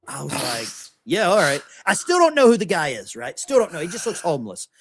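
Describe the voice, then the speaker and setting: Middle-aged American male host, lively storyteller, fairly high voice with big pitch swings. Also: fairly quick, slight background noise. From United States. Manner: animated anecdote-telling, acting out quoted voices. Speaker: podcast host. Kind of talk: casual storytelling chat.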